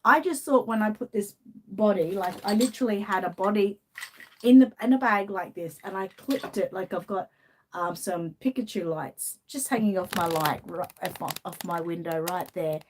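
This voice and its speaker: A woman's voice: medium pitch, normal speed, slight background noise. A woman from Australia with an Australian accent, hosting a casual live-stream chat, reading out viewer comments and laughing often. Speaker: channel host.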